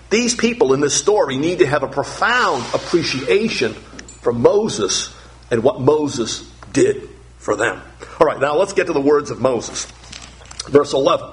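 An earnest male pastor preaching a sermon, pressing his points with emphasis and repeating words as he goes. His voice sits a bit high. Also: expressive, unhurried.

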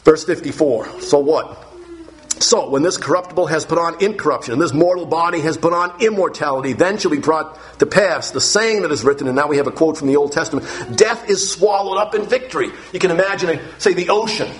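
A man's voice: on the high side, fairly quick. A man preaching an expository sermon, emphatic, repeating key phrases with conversational asides.

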